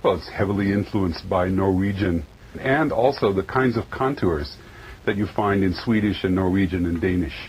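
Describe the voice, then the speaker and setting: A middle-aged man speaks as an interviewed anthropologist in a lowish voice. He explains at an easy pace, laughs easily and restarts a phrase now and then. Faint noise sits behind him. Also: normal speed, darkish tone, low-quality recording. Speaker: linguistic anthropologist. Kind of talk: news interview answers.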